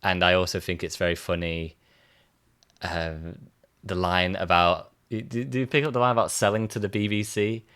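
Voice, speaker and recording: A man co-hosting a music podcast, talking hesitantly with many pauses and a dry sense of humor. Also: deep voice, fairly even intonation, a bit bright, clean tone. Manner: hesitant, lots of ums and restarts, dry humor. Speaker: podcast co-host. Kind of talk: casual album review chat.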